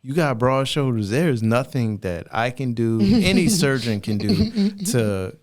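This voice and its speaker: A man's voice: medium pitch, unhurried, dry recording, studio quality. Laid-back joking male surgeon. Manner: relaxed, joking, many "like" fillers. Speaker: plastic surgeon guest. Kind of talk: casual podcast chat.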